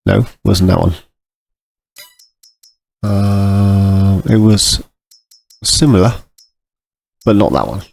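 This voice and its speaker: A man giving casual, rambling commentary over a farming game, often clearing his throat. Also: low voice, steady tone, drawn-out words, pauses often, a little mellow. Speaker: gameplay commentator.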